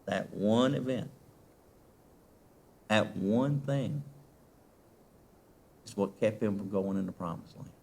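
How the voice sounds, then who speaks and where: A male preacher delivering a sermon. He asks the congregation questions and swings from loud emphasis to very soft, quiet lines. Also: on the low side, slow, gravelly, pauses often.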